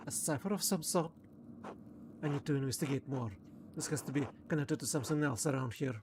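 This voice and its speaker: Streamer, mid-pitch, halting, reads game text aloud in casual commentary. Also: background noise. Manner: thinks aloud, halting with repeated words. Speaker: streamer playing a narrative game.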